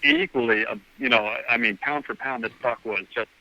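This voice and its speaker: Bright, sharp-voiced man telling a story. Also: mid-range voice, normal speed, dry recording, low-quality recording. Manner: rambling, acts out the dialogue with "I'm like" quotes. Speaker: guest hunter. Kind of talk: casual storytelling.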